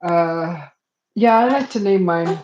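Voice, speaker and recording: A woman's voice: on the low side, slow, a little mellow, reverberant, lo-fi sound. A woman hosting a casual art livestream, hesitant and self-deprecating, chuckling often.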